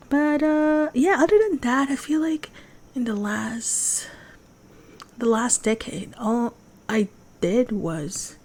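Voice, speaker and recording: A young woman hosts a casual solo podcast, her voice sitting at an ordinary middle pitch. She rambles warmly through fillers and pokes fun at herself as she talks. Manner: chatty, self-deprecating, many fillers. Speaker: podcast host.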